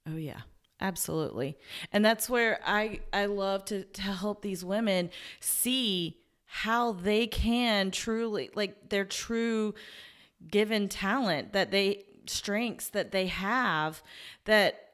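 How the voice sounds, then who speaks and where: A woman's voice: mid-range voice, slow pace, fairly bright tone. A woman career coach as interview guest, earnest and enthusiastic, telling stories about her clients and laughing easily. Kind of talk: conversational interview.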